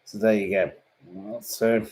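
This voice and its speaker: Brief: man, host, talks slowly and bluntly, fends off questions with indignation. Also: fairly low pitch, steady tone, a little mellow, low-quality recording. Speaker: host answering viewer questions. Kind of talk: casual live-stream chat.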